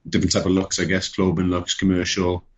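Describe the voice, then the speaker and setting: A Welsh man with a very deep, husky voice chats as a podcast guest. He speaks in an even, flat, relaxed way, and the audio comes through dull and lo-fi over a video call. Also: fast talker. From Wales. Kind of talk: casual podcast chat.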